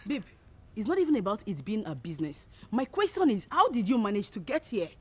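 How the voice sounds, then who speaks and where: A woman's voice: mid-range voice, fairly quick, breathy edge. An actress with a Nigerian Pidgin accent playing a brash, loyal young woman who teases and squares up for her friend. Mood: teasing. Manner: teasing, loud, lively.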